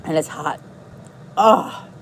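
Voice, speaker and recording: A woman's voice: takes it slowly, fairly bright tone, slight background noise, low-quality recording. A middle-aged American woman hosting a casual livestream from home, chatty and bubbly, greeting viewers and reading their comments. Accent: US English. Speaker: YouTube livestream host. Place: indoors at home. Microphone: phone or camera on a stand.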